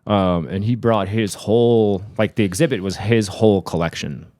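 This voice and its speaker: A man's voice: lowish voice, normal speed, darkish tone, no echo, studio quality. A young man on a podcast telling a long story in casual chat, rambling with many restarts and fillers and laughing at himself. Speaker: podcast host.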